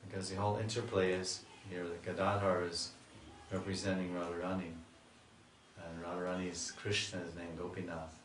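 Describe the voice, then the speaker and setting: A man, a swami, telling a devotional story in a slow, lingering sermon style. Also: sits low, little pitch movement, a bit bright, a little hiss or hum. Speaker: swami giving a spiritual talk. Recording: echoey room, mic far off.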